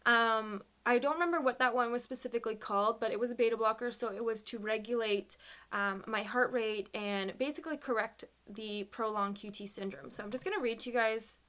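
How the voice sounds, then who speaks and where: A young woman vlogger telling a personal story, halting and close to tears, with many fillers and nervous laughs. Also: fairly high pitch, fairly bright tone. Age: young adult.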